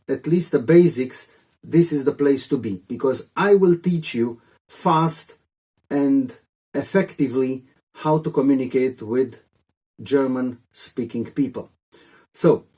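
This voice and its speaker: Male tutor, relaxed mellow tone, loose jokey delivery for a casual video lesson. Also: mid-range voice. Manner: rambling, chatty, jokey asides. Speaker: language teacher.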